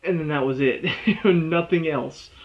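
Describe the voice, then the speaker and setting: A man's voice: a little high, a little slow. A man giving a casual video game review, rambling and correcting himself as he goes, chuckling often. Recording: dull lo-fi sound.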